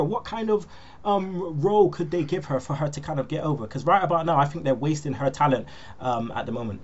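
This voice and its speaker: A man's voice: on the high side, normal speed, highs cut off. Hesitant man podcast host. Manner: hesitant, many ums, asks questions. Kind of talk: casual chat.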